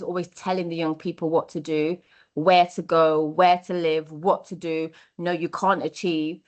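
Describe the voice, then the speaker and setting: A young adult woman giving a workshop talk, earnest and encouraging, repeating her key phrases. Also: on the low side. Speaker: workshop speaker on mentoring.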